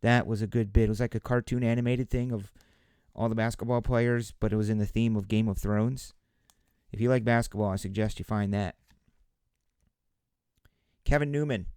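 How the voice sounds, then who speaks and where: A man's voice: lowish voice, steady tone, normal speed, warm tone, clean tone, dry recording, studio quality. A man hosting a casual live card-break stream, chatting with viewers and calling out player names as they come up. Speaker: card-breaking livestream host.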